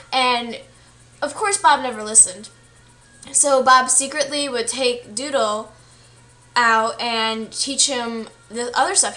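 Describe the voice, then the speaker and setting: A woman's voice: fairly high pitch, fairly bright tone. A young woman casually retelling a story she read, chatty and full of fillers, acting out the quoted lines. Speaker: student vlogger.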